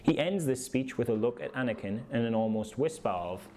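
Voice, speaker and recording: A man narrating a story in a casual, animated way and acting out the scenes. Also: medium pitch, a little fast, slight background noise. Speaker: YouTube creator.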